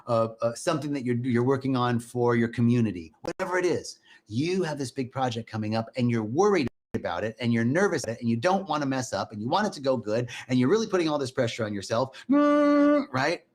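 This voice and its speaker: A man giving an inspirational spiritual talk, earnestly repeating affirmations aloud and adding folksy, joking asides. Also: mid-range voice. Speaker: spiritual teacher.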